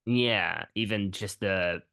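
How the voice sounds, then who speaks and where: Casting: male podcast co-host, very low voice, loose and rambling, dry close mic. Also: slow pace, creaky, dry recording. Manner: relaxed, rambling, many "um"s and "like"s. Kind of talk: casual film discussion.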